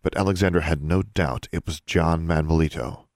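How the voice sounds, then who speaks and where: A man narrating a fantasy audiobook in a measured, suspenseful storytelling manner. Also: rumbling low, fairly even intonation, a little mellow, no echo, studio quality.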